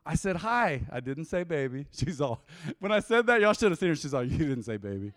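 Male pastor, forties, high lively voice, storytelling sermon, dry close sound. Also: a little fast, no echo. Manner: lively storytelling, acting out dialogue.

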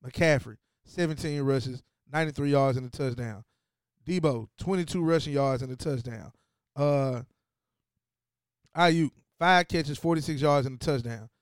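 A man hosting a sports show in a casual, profane, trash-talking rant, dropping low to read off numbers and jumping loud when he gets excited. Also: unhurried, smooth, dry recording, clean studio sound. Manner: profane, trash-talking, repeats phrases for emphasis; swings between low stat-reading and loud excited outbursts. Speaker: sports podcast host.

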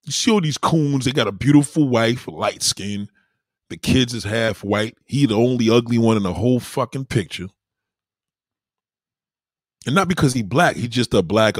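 Dating advice comes from a man with a mid-range voice, recorded dry at studio quality. He speaks in a casual, profane monologue thick with street slang, checking in again and again with "you know what I mean."

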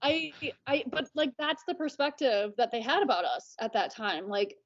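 Woman in her 30s, kinda high voice, says like a lot, chatty guest, slightly muffled audio. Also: lively intonation, normal speed. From United States. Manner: chatty, many "like" fillers. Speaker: podcast guest. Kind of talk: casual conversation. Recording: dull lo-fi audio.

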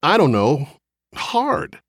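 A male audiobook reader voicing a restless, yearning husband who speaks in a quiet, hesitant, pleading way. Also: fairly low pitch, big pitch swings, takes it slowly, no room sound, clean studio sound. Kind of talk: audiobook character reading.

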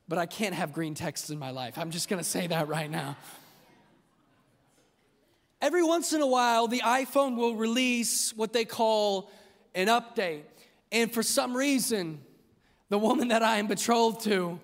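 Lively male preacher with a high voice, joking and then driving his point home, in a reverberant hall. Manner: animated preaching with humor, rising to emphatic shouts. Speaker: pastor. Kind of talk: sermon. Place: large church hall.

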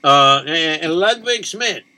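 A man's voice: fairly high pitch, lively intonation, slow pace, bright, forceful tone, pitched above the performer's own voice, exaggerated voice. A man voicing a boastful businessman who owns a suit store. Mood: eager. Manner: boastful, eager to please.

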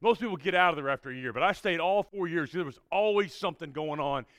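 A man with a fairly high voice and a drawl tells a story to young listeners as their preacher. He talks with bouncing energy and keeps asking "all right?" as he goes. The sound is dry and close, with no room echo. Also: fast, fairly bright tone. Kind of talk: storytelling talk to a youth group.

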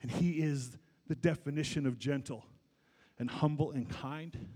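A middle-aged male pastor preaching a sermon, swinging between loud peaks and quiet asides, with many restarts. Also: a little high, steady tone, measured pace. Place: large church sanctuary. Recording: long hall reverb.

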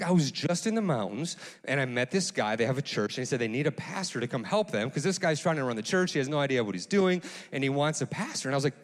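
A man preaching a sermon as pastor, telling a story in a casual, animated way, full of restarts and fillers. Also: medium pitch, quick pace. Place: church sanctuary. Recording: long church hall reverb.

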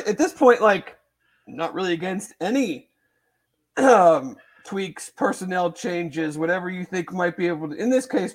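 Rambling, hedging male sports podcaster. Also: sits high. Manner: hedging, rambling, many fillers and restarts. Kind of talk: casual sports chat.

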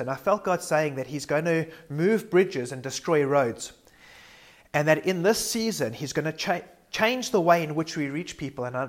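A man delivers a sermon with earnest conviction. His voice sits a little higher than most men's. He reflects aloud as he speaks and sometimes stumbles and restarts a word. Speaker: preacher.

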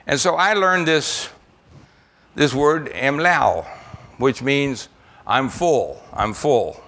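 A man's voice: mid-range voice, lively intonation, slow pace, fairly bright tone. Older man, from the United States, church talk, folksy missionary stories, rambling with repeats. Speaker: missionary speaker. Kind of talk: church testimony and storytelling.

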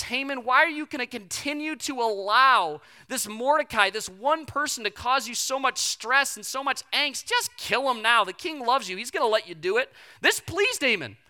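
A preacher retelling a Bible story in a casual, animated sermon with slangy asides. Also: medium pitch, fairly quick.

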